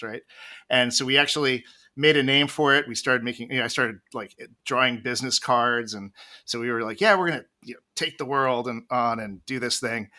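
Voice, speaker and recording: A man's voice: mid-range voice, bright, forceful tone. Chatty man telling bar stories. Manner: rambling, many restarts, laughs while telling stories. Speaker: podcast guest, bartender. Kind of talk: casual storytelling interview.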